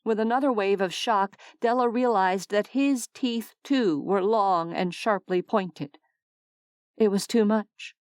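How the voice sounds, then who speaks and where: A woman reading a novel aloud as an audiobook narrator, steady and expressive. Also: medium pitch, takes it slowly, no echo, studio quality. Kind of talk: scripted narration.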